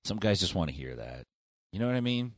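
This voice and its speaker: A man's voice: low-pitched, very animated, fast, no echo. A middle-aged man co-hosting a podcast, chatting casually and telling stories with plenty of swearing. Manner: profane, storytelling, chatty. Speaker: podcast co-host. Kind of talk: casual chat.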